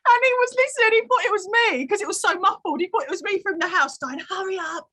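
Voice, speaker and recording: A woman's voice: very high voice, fast talker, sharp tone. A woman, guesting on a podcast, telling stories animatedly and laughing often. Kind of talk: casual chat.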